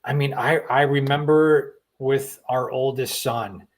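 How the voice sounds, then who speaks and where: A man's voice: mid-range voice, fairly even intonation, a little slow. A middle-aged man hosting a talk show, speaking earnestly and often repeating words as he starts a thought. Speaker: host. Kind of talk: conversational talk show chat.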